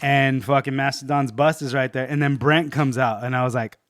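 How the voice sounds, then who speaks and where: A man's voice: mid-range voice, fairly even intonation, moderate pace, a bit bright, no room sound. A man hosting a podcast in casual chat, laid-back, swearing and laughing often. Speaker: podcast host.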